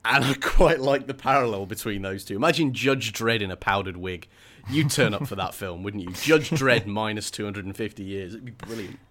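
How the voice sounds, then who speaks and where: A man co-hosting a casual book discussion, animated and chatty, often laughing and acting out the characters. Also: on the low side, moderate pace. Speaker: podcast co-host.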